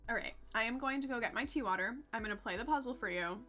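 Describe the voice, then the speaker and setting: Bright, chatty woman streamer. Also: a little high, quick pace, soft background music. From United States. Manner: chatty and sarcastic, laughs often, swears freely. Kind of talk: casual live-stream chat.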